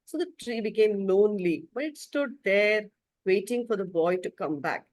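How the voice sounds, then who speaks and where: A woman spiritual teacher telling a story to her class in an expressive way, often clearing her throat. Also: mid-range voice, normal speed, no room sound. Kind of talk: storytelling talk.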